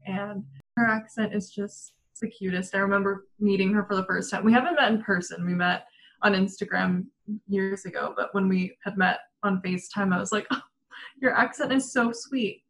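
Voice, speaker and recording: A woman's voice: mid-range voice, fairly even intonation, fairly quick, vocal fry, a bit bright, rough recording. A woman in casual chat, giggling often and talking with lots of fillers. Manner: giggly, chatty, many fillers.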